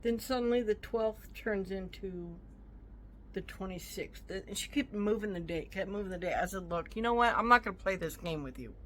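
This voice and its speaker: A woman's voice: fairly low pitch, bright, forceful tone. A woman telling a storytime rant to her viewers, indignant and sassy, acting out both sides of an argument. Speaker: vlogger.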